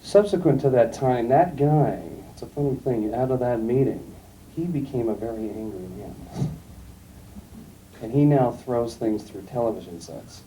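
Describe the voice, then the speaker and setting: Calm middle-aged guy lecturing a class, real dark mellow voice, sounds far off the mic, little hiss on an old tape. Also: mid-range voice, moderate pace. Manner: calm, storytelling, emphatic asides. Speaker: guest lecturer. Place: lecture room. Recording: distant mic, faint room noise, archival tape.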